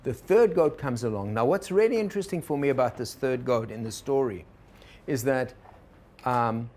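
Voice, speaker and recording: A man's voice: medium pitch, lively intonation, normal speed, a little mellow. A man giving a workshop lecture on personal change, telling a fable, voicing inner thoughts and asking the audience questions. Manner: storytelling with quoted inner voices, asks the audience questions. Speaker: organizational consultant teaching a workshop.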